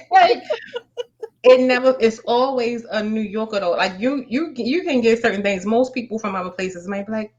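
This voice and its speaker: Blunt, animated New woman. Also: a little high, normal speed, lo-fi sound. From New York. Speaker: podcast co-host. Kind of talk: casual chat.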